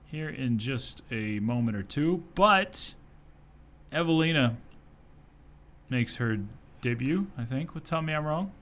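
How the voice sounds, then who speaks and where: A man's voice: mid-range voice, animated, takes it slowly, long pauses, fairly bright tone. A man hosting a sports talk radio show in a studio, speaking casually and often chuckling as he talks. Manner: easygoing, chuckles often while talking.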